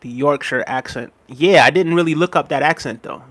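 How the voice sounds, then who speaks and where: A man's voice: a little high, brisk, fairly bright tone. Laid-back man chatting on a livestream. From United States. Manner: laid-back, chuckles often, reads comments aloud. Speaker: livestream host. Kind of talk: casual livestream chat reading comments.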